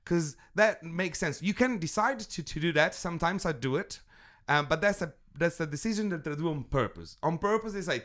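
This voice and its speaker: Italian musician guest, native Italian speaker, higher-pitched, chuckles through halting, restarting answers. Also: male voice, lively intonation, fairly bright tone. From Italy. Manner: laughs often, halting restarts. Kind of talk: casual interview chat.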